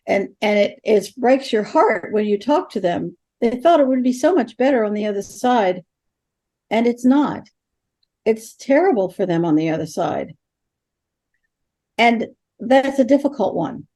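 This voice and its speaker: Her medium-pitched voice carries a warm tone. She is an older woman appearing as an interview guest and ghost helper, recounting stories with animation and voicing the conversations in them.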